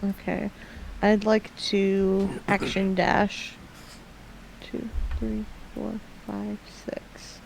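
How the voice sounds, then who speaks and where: A woman playing in a tabletop game session, slowly counting out her moves. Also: mid-range voice, flat delivery, creaky, slight background noise, poor audio. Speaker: player.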